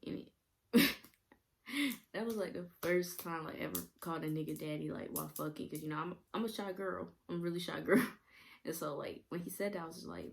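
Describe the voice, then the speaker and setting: A woman's voice: deep voice, lively intonation, moderate pace, gravelly. A young woman vlogger rambling through a casual storytime, laughing often and using many fillers.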